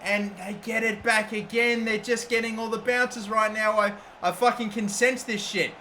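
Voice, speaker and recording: A young Australian man commentating his own football video game, swearing freely and bursting into shouts when his team scores. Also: high voice, steady tone, moderate pace, slight background noise. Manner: swears often, erupts into shouting at goals. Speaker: gaming YouTuber. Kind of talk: live gameplay commentary.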